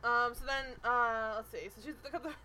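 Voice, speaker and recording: Bright-voiced woman, animated recap chat. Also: on the high side, moderate pace, rough recording. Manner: animated, swearing, mimics people she discusses. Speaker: podcast co-host.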